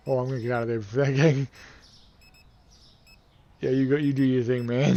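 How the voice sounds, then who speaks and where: A man's voice: mid-range voice, flat delivery, fairly quick, pauses often, warm tone, lo-fi sound. A man giving playful, casual commentary over a game, counting and thinking aloud to himself while he keeps yawning. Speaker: let's play gamer.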